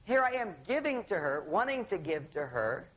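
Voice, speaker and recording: A man giving a seminar talk on relationships, telling an anecdote in an animated way and acting out bits of dialogue. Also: high-pitched, moderate pace, poor audio. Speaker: relationship author speaking on stage.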